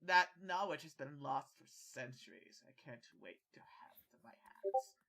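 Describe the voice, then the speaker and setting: Casting note: scheming old tyrant emperor, low, hushed menace, crisp, bright edge to the tone, put on by a man running the game. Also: sing-song, measured pace, exaggerated voice. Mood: menacing.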